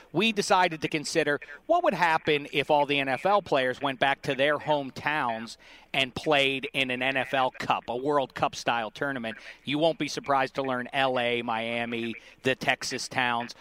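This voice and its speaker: Bright-voiced joking male host. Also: medium pitch. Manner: joking, rambling with fillers and restarts. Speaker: radio show host interviewing an athlete. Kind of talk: casual interview chat.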